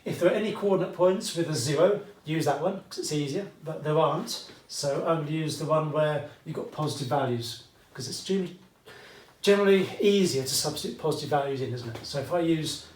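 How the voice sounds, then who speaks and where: A man's voice: fairly high pitch, brisk, darkish tone, recorded from a distance. Chatty British man teaching maths, echoey room. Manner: chatty, asks "okay?" often, asides to viewers. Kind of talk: whiteboard maths lesson. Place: classroom with whiteboard.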